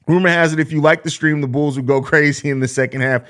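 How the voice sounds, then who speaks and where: A man's voice: fairly high pitch, fast talker. Blunt, profane male sports podcast host. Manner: blunt, profane, sarcastic, animated. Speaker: podcast host reading live chat. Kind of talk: casual live-stream sports talk.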